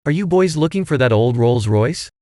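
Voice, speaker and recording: A woman accomplice who sounds kind but works for a villain, read by a man. She speaks softly and sympathetically, with no attempt at a different voice. The sound is dry and close. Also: medium pitch, animated, moderate pace, no echo, natural voice. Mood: falsely kind.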